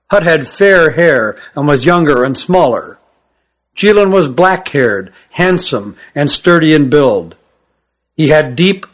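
A man narrating a fantasy story in a steady, measured audiobook reading. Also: a little high.

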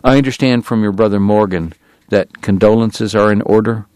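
A man voicing a formal, long-winded gentleman dentist and gambler with a Southern drawl, verbose and precise. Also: lowish voice, moderate pace, dry recording, lightly acted. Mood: courteous. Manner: verbose, precise and courtly, prickly about his honor.

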